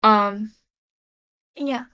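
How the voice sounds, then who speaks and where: A woman's voice: medium pitch, drawn-out words, clear, resonant tone. A young woman talking casually to camera in a confessional vlog, rambling with many fillers and restarts. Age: young adult. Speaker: vlogger. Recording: dull lo-fi sound.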